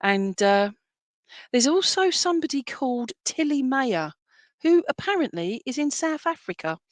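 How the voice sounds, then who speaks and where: High and sing-song, a woman's voice moves at a moderate pace with no room sound. She is a medium doing spirit readings at a live-streamed church service, warm and reassuring, repeatedly asking her audience "all right?"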